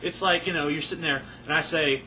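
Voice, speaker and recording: A tipsy man rambles to camera in a casual rant, answering viewer questions with profanity and sarcasm. His slightly high voice has fairly even intonation, a sharp tone and a fairly quick pace, with a little hiss or hum in the background.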